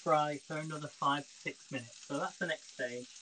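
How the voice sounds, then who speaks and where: A man's voice: on the high side, normal speed, background noise. A man hosting a casual live cooking stream from his home kitchen, chatting straight to his viewers. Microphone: phone. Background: frying sizzle.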